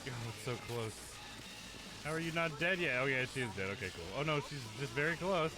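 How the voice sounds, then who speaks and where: A man's voice: on the high side, animated, fairly quick, over music. A man streaming a game live, chatting casually, swearing a lot and laughing often.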